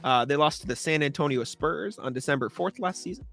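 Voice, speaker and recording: A man's voice: a little high, brisk, gravelly, fairly bright tone, soft background music. A young man co-hosting a live sports talk show, ranting in a sarcastic, exasperated way and swearing. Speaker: podcast co-host.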